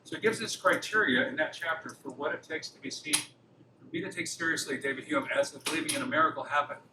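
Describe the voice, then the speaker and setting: A guest speaker from Los Angeles, USA, gives an informal lecture in a lecture room to a campus apologetics club, keeping things conversational with frequent rhetorical questions. He talks fast in a fairly high voice, sounding far from the mic amid background noise.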